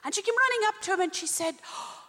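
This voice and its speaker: A woman's voice: very high voice, rapid-fire, long reverb tail. A Catholic religious sister preaching and telling faith stories, acting out the people she quotes. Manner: animated storytelling, acts out the people she quotes.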